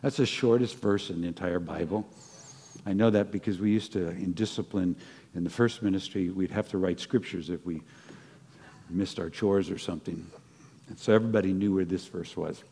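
Low-voiced preacher in a reverberant hall. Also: male voice, normal speed, dark tone, breathy edge. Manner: conversational preaching, stumbling restarts, laughing asides, rising to fervent peaks. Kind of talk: sermon. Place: church sanctuary.

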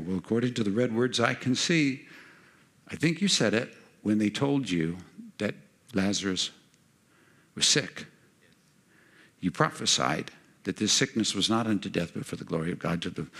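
A man preaching a sermon, animated and acting out the voices he quotes. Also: fairly low pitch, vocal fry, slightly rough.

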